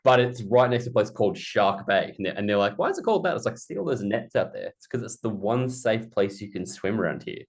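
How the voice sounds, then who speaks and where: A man from Australia, co-hosting an interview show in a relaxed, rambling, jokey way. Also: lowish voice, brisk, creaky, few pauses. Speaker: podcast co-host. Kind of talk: casual interview chat.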